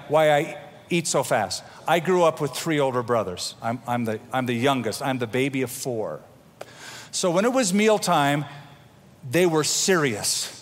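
A middle-aged man preaching a sermon as pastor, talking in a conversational way with homely asides and the odd stumbling restart. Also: on the high side. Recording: long reverb of a large hall.

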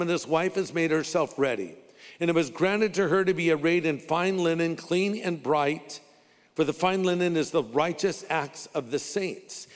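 High-voiced preaching man in a hall. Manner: emphatic preaching with call-and-response to the congregation; humorous asides. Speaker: pastor. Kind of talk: sermon.

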